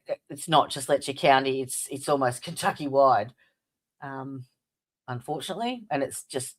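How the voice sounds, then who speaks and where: The host of this casual livestream is an Australian woman whose voice sits extremely low and moves at a normal speed. She's chatty and welcoming, calling out viewers by name and using lots of fillers.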